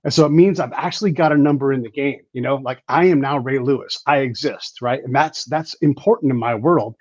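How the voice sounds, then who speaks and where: Husky ex-Army intel man, animated storyteller, dry lo-fi podcast mic. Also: medium pitch, fairly quick, no echo. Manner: animated anecdotes full of restarts and fillers. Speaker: guest, former Army counterintelligence specialist.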